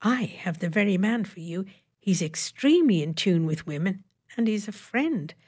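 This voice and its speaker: A woman voicing a worldly, well-connected client who speaks in a hushed, confiding half-whisper. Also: medium pitch, animated, moderate pace, slightly rough.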